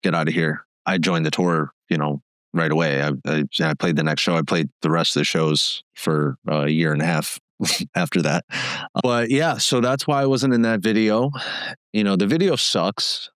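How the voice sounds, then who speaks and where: Low-voiced man telling band stories. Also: moderate pace, a bit bright, clean tone, no echo. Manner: casual, frank, swears, lots of fillers. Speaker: guest musician. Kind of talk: candid conversational storytelling.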